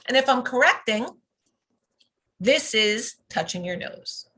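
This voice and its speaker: A woman coaching parents over a live video call, speaking calmly and instructively. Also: on the high side, slow pace, poor audio. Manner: calm and instructive, lively when modeling praise. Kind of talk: teaching talk on live video.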